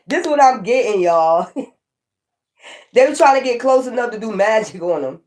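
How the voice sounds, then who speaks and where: A woman's voice: a little high, moderate pace. A woman giving a casual tarot reading, swearing often, laughing and talking straight to her viewers. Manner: profane, laughing, animated asides to viewers. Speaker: tarot reader.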